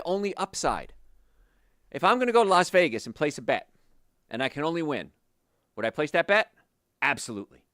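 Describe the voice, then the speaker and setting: His voice sits on the high side, brisk with frequent pauses and a clean tone, as he hosts a health show and gives listeners an emphatic, animated, motivational talk. The studio recording is clean, with no room sound.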